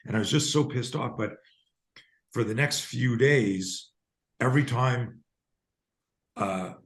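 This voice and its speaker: A Canadian man in his fifties, a self-defense coach appearing as a podcast guest, tells stories in an emphatic, animated way. His mid-range voice moves slowly as he recounts them in the interview.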